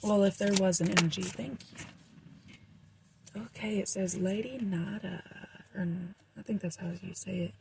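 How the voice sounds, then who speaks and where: A woman's voice: mid-range voice, steady tone, brisk, creaky, background noise. A young woman doing a casual, rambling tarot reading for her viewers, with frequent fillers. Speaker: tarot reader.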